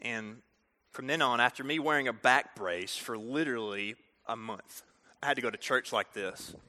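A man preaching a storytelling sermon, talking directly to the audience in an animated way. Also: medium pitch, normal speed. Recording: reverberant hall.

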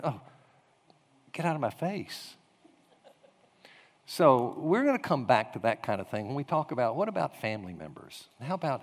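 A male pastor giving a conversational sermon, telling a story and acting out the quotes. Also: medium pitch. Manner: storytelling with animated acted-out quotes. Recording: echoey hall reverb.

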